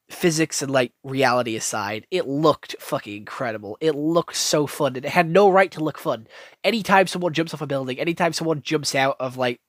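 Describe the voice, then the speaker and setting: A man's voice: mid-range voice, no echo, studio quality. A man giving a casual, rambling anime review, gushing and swearing freely with lots of restarts. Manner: gushing, profane, rambling with many likes and restarts.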